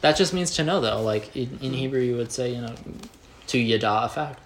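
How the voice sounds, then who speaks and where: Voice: mid-range voice, a little fast, slight background noise. A podcast co-host casually explaining stories, loose and chatty with frequent fillers. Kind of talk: casual chat.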